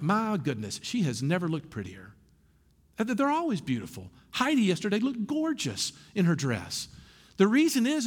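A male preacher delivers a sermon in a church, his voice pitched a bit high and swinging widely as he tells stories and cracks asides. A long hall reverb trails every line. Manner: animated storytelling with humor and asides. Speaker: pastor. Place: church sanctuary.

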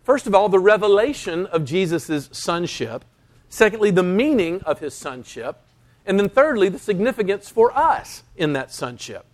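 A man preaching a sermon, emphatic and animated, slowing for dramatic pauses and acting out quoted lines. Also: high-pitched. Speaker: pastor.

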